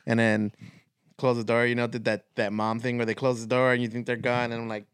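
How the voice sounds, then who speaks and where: A man co-hosting a podcast, telling a childhood story in quick casual chat. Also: mid-range voice, little pitch movement, clear, resonant tone. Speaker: podcast co-host.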